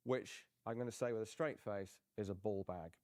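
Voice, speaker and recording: A man, a museum curator, explaining objects in a relaxed, hesitant way. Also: on the low side, moderate pace. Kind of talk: informal museum talk.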